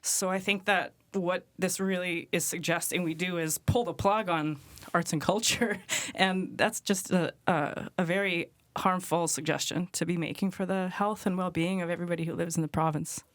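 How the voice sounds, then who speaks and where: A woman's voice: lowish voice, fairly even intonation, moderate pace, no echo. A woman who is an artist and arts administrator, speaking earnestly with many fillers in a panel discussion.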